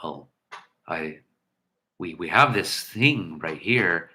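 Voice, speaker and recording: A low, hushed, stammering voice of a male actor, halting between words and repeating itself, as a man puts it on. The tone stays very bright despite the lowered pitch. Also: expressive, heavily acted. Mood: musing.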